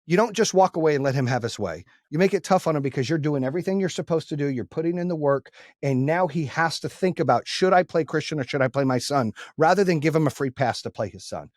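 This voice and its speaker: A man's voice: on the high side, expressive, quick pace, hardly any pauses, a little mellow, dry recording, clean studio sound. A man hosting a podcast, telling a personal story in a blunt, casual way, swearing freely and acting out past arguments. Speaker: podcast host.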